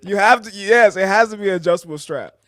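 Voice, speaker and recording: A man's voice: high-pitched, fast, sharp tone, no echo, studio quality. A young American man co-hosting a fitness podcast, laid-back and joking in casual banter. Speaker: podcast co-host. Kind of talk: casual chat. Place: podcast studio.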